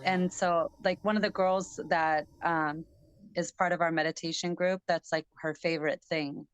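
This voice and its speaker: Low-voiced woman, smooth and dry. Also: moderate pace. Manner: relaxed, chatty, loose with fillers. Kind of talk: casual video call chat. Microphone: video call.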